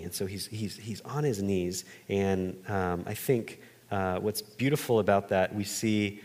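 Animated male pastor in a reverberant hall. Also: a little slow. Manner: animated, lively delivery with jumps in pitch and asides. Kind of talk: conversational sermon. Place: stage in a church hall.

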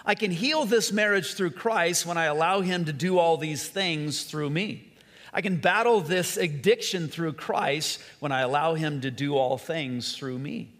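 A man preaching a sermon, earnest and repetitive, sometimes dropping to a soft, quiet voice. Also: fairly high pitch, vocal fry. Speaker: pastor. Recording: long hall reverb.

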